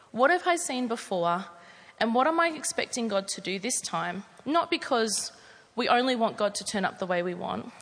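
A woman's voice: medium pitch, a bit bright. Earnest woman preaching in a hall. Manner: conversational, earnest, storytelling. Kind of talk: sermon.

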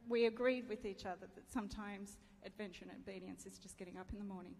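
A woman's voice: medium pitch, steady tone, quick pace, darkish tone, slight background noise. Woman preaching in a reverberant hall. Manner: candid, self-deprecating, laughs often. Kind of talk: sermon with personal story. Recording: reverberant hall, faint ambience.

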